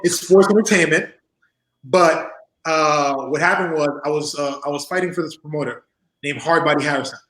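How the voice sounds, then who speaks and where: A man's voice: on the high side, normal speed. Man in his 40s spinning wild stories, does all the voices, laughs a lot, roomy echo. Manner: animated storyteller, acts out voices, laughs often. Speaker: interview guest, former wrestler. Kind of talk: casual storytelling interview.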